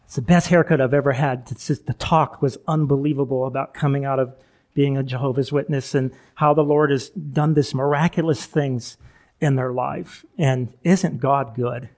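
A man's voice: medium pitch, fairly even intonation, normal speed, a little mellow. A middle-aged male pastor giving a chatty sermon, full of asides, laughing at himself and restarting sentences.

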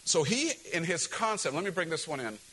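A pastor preaching a sermon to his church, animated and direct, acting out quoted voices and calling questions to the congregation. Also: a little high, brisk, husky, poor audio.

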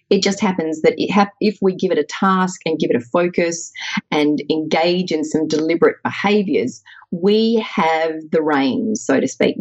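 Woman, lowish voice, earnest and thoughtful, casual explaining, dull lo-fi recording. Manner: earnest, thoughtful, with frequent restarts. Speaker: guest sharing wellness practices.

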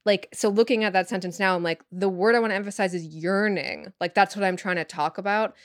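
A woman writer chatting as a podcast guest, thinking out loud with lots of fillers and restarts. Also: medium pitch, steady tone, fairly quick, no room sound, studio quality. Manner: rambling, filler-heavy, thinks aloud. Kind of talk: casual interview chat.

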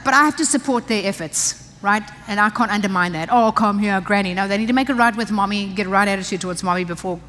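A woman's voice: medium pitch, fast, hardly any pauses, bright, forceful tone, slight background noise. An older woman preaching a conversational, emphatic sermon to women in a church. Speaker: pastor's wife preaching to women. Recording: long church-hall reverb.

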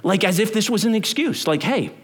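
A pastor preaches a sermon in church, chatty and animated, bantering with the congregation and asking them questions. His voice is high, brisk, and husky.

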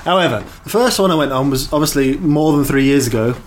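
Man co-hosting a podcast in loose, casual chat, his voice sitting a touch high. He tells stories with animation and laughs often, with a faint hum of ambience behind him. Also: lively intonation, quick pace. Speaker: podcast co-host.

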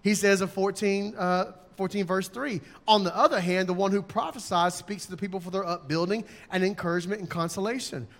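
A man's voice: high-pitched, brisk, few pauses, fairly bright tone. A man preaching a sermon in an emphatic way, acting out his examples in raised voices. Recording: long hall reverb.

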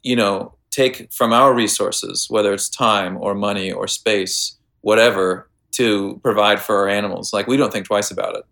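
A man's voice: fairly low pitch, steady tone, normal speed, gravelly, hardly any pauses, fairly bright tone. An American man telling a rambling story in casual chat, full of fillers and restarts. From United States.

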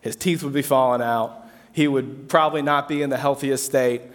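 A young man preaching a sermon to an audience, telling a story with casual asides and repeated phrases. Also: mid-range voice. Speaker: pastor. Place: hall with an audience. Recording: long hall reverb.

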